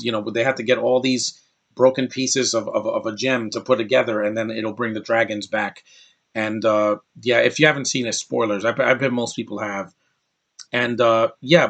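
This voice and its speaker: A man's voice: medium pitch, sharp tone. A man giving a casual, rambling film review as a channel host, with frequent fillers and restarts. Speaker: movie reviewer.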